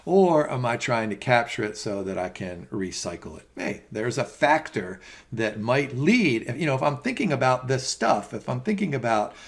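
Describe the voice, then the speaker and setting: A man's voice: medium pitch, big pitch swings, normal speed, vocal fry. A middle-aged man teaching a finance exam prep lecture in a conversational, rambling way with many fillers and asides. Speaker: finance instructor. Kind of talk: recorded lecture.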